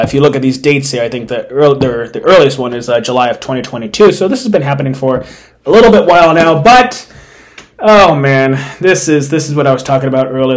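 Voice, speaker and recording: A man hosting an opinion podcast, talking bluntly and sarcastically with open indignation. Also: mid-range voice. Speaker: podcast host. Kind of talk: opinion commentary.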